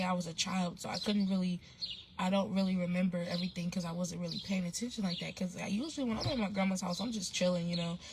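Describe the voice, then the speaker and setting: A woman's voice: on the low side, noisy background. A woman vlogger telling a story in a casual, slangy way, rambling with restarts and fillers.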